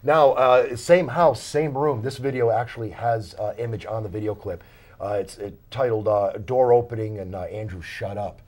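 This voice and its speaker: Guest investigator, male, low husky voice, animated storyteller, studio chat. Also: normal speed. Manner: animated storyteller, many fillers and restarts. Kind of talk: casual interview storytelling. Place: small studio.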